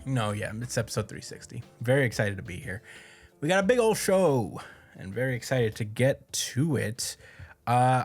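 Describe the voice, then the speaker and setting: Dude hosting a podcast, recapping a comic chapter, swears a lot, laid back, chuckles here and there. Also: male voice, mid-range voice. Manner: loose and profane, chuckles while recapping. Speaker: podcast host. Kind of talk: casual chat recapping a manga chapter.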